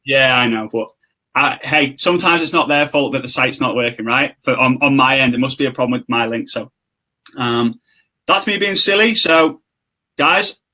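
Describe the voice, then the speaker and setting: A young man hosting a casual live stream over a video call, talking in an excitable, quick and self-mocking way. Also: mid-range voice, rough recording. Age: young adult.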